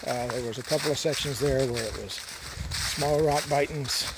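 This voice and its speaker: Out on a mountain hiking trail, a man delivers a casual vlog monologue as a long-distance hiker, with outdoor sounds in the background. He has a medium-pitched voice and keeps a moderate pace. His talk wanders easily and is full of "uh" fillers.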